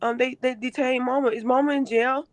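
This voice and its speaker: A woman putting on the voice of a frightened young woman pleading from a hospital bed, high and urgent. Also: fairly even intonation, brisk, no room sound, close to an everyday voice.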